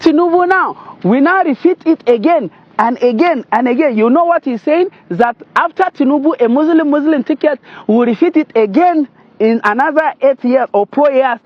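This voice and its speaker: Man, Nigerian accent, very high pitch, indignant commentary, muffled lo-fi recording. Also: moderate pace, no echo. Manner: indignant, scolding. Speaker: political commentator. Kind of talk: commentary translating a clip. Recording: dull lo-fi sound.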